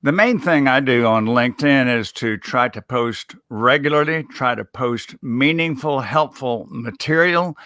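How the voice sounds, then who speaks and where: A man with a bright, forceful voice gives communication advice in a steady, teaching manner. His recording is dry and close, with no room sound, and he lets small chuckles slip between points. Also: mid-range voice, no echo. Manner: measured, instructive, chuckles while making points. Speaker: guest communication consultant. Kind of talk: live show interview.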